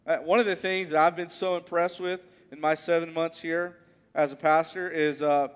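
Brief: male pastor, earnest storytelling sermon, slightly high voice, long hall reverb. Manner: earnest storytelling preacher, slows on key words. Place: church sanctuary.

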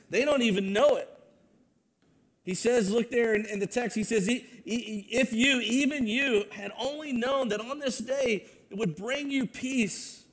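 A man preaching a sermon, moving between loud proclamation and hushed, earnest asides. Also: high voice. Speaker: pastor.

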